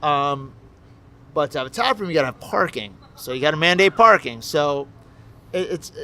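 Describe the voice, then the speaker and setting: A man who owns a brewery, telling stories casually in an interview, relaxed and profane, laughing as he talks. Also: a little high, normal speed. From Miami, USA. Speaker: brewery owner, interview guest. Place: his brewery.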